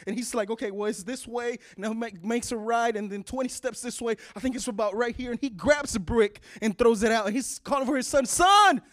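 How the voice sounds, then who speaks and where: High-pitched male preacher, emphatic repetitive sermon delivery for online viewers. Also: fairly quick, few pauses. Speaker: pastor.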